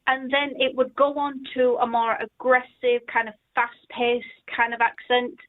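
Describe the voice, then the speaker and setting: A woman calling in to a radio show, chatting eagerly and thinking out loud. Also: on the high side, little pitch movement, moderate pace. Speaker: caller. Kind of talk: casual chat on a call-in show. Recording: tinny phone line.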